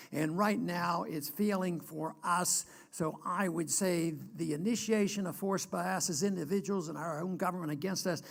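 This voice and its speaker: Older American man, high creaky voice. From United States. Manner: earnest, emphatic, halting with restarts. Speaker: guest speaker. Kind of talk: political speech.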